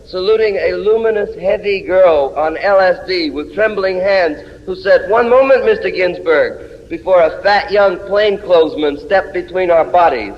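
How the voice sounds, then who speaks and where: High-voiced man chanting a poem. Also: in a large hall, muffled recording, a little hiss or hum. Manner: chanting, incantatory repetition. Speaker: poet. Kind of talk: poetry reading.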